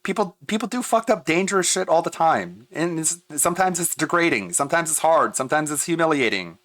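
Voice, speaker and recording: Animated laughing male streamer, dry sound. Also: on the high side, brisk, dry recording. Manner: animated, laughs often, swears, exasperated. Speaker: streamer reacting to a video. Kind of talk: casual reaction commentary.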